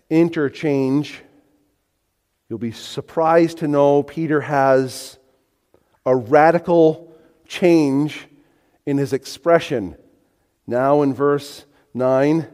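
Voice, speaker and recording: A male pastor preaching a sermon in an animated, emphatic way that moves between soft and loud. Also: mid-range voice, in a large hall. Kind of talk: expository sermon.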